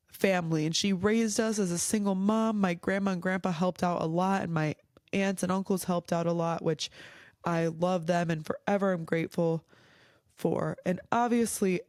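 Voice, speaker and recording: A young woman answers viewer questions in a casual vlog, emotional and teary as she talks. She speaks slowly and rambles in a heartfelt way, her voice at a middle pitch. The sound is dry and close, with no room around it. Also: darkish tone, no echo. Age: young adult. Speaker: vlog host.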